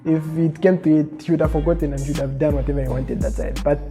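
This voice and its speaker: A man's voice: a little high, steady tone, fast talker, mellow, soft background music. A man in a casual storytelling vlog, retelling a story chattily with lots of fillers.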